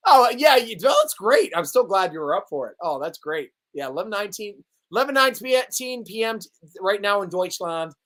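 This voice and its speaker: A man hosts a live sports chat stream with a bright, forceful voice whose pitch bounces all over. He jokes around playfully and laughs often, keeping it loose and casual. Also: a little fast. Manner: playful, joking, animated. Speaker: sports show host.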